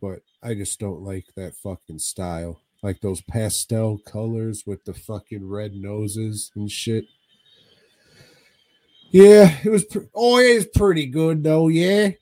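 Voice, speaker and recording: Sex: man. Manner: slow, profane, rambling. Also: lowish voice, mellow, dry recording. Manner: profane, rambling, drawling recap. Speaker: podcast co-host. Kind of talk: casual movie recap chat.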